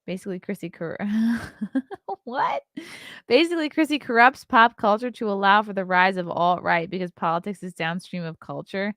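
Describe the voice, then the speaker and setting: A woman's voice: medium pitch, moderate pace, fairly bright tone, no echo, studio quality. A woman in her thirties, a comedian hosting a casual livestream show, who reads viewer comments aloud and chats back. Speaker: podcast host and comedian.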